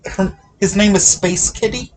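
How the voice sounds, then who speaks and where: A man hosting a casual movie chat, talking haltingly with many restarts and hedges. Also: high-pitched, slight background noise. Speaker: podcast host.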